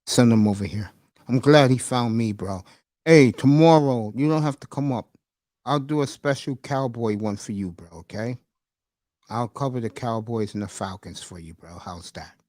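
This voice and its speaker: A man's voice: medium pitch, normal speed, darkish tone, dry recording, clean studio sound. A man hosting a casual live stream, rambling and emotional, calling his listeners bro and folks. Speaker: livestream host. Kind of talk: casual livestream chat.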